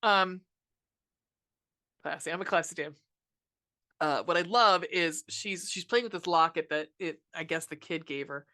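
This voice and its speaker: A woman rants through a casual podcast movie review, sarcastic and swearing freely. Her voice is bright and sharp, with filler words and quick asides. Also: on the low side. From United States. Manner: ranting, sarcastic, swears a lot, frequent laughs and filler. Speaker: podcast host reviewing a film.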